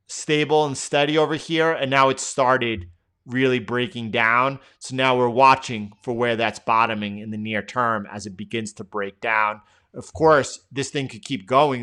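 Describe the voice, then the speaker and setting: A man's voice: mid-range voice, a bit bright, clean tone. A middle-aged man hosting a live trading stream, thinking aloud through chart commentary with lots of fillers and restarts.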